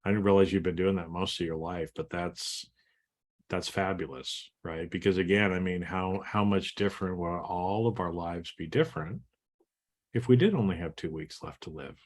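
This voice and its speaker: A man's voice: deep voice, normal speed. A man hosting a podcast interview in casual conversation, often tagging his points with a rhetorical "right?". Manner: tags thoughts with rhetorical "right?", stammering restarts. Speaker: podcast host.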